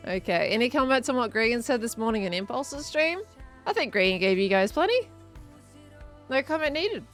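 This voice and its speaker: An Australian woman in her thirties hosts a live game stream, chatting easily and reading viewer comments aloud between bits of play. Her voice sits a little high for a woman, and faint game music plays softly behind her. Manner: chatty, greets viewers and reads chat aloud, frequent laughs. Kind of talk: casual live-stream chat while playing.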